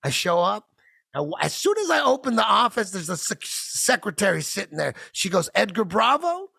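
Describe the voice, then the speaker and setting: Brief: gravelly male podcast host, profane and animated storyteller, dry close sound. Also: high voice, a little fast, dry recording. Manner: profane, animated storyteller who acts out the voices of others. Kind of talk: casual comedic storytelling.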